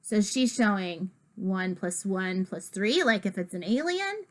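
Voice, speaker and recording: A woman's voice: mid-range voice, lively intonation, unhurried, hardly any pauses. A woman reading a children's book aloud in a playful first-person child's voice.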